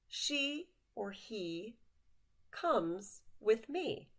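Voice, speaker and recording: A language teacher goes through basic vocabulary slowly, word by word, patiently asking the listener to repeat each one after her. Her medium-pitched voice swings widely in pitch.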